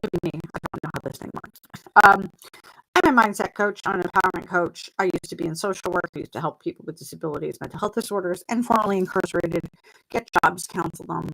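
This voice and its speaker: Talking fast in a low, creaky, slightly bright voice, a middle-aged woman who works as a mindset coach hosts an informal live stream from her computer table indoors. Captured roughly on a plug-in desk mic, she chews gum, rambles, and laughs at her own expense.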